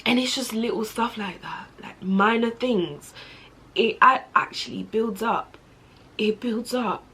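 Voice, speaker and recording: A young woman speaks straight to camera in a personal vlog, earnest and passionate, rambling with lots of fillers. Her voice sits a little high and has a husky, breathy edge. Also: measured pace, a bit bright.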